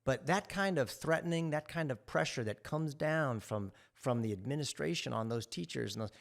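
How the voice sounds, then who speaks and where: A man's voice: mid-range voice, normal speed, creaky. Earnest man speaking with conviction. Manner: earnest, impassioned. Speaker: podcast guest. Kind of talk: casual conversation.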